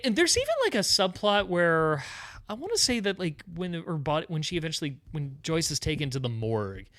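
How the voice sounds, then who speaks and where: A man's voice: a little high, big pitch swings, fairly quick, a bit bright. A man co-hosting a podcast, chatting casually about TV and rambling with many restarts. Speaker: podcast co-host.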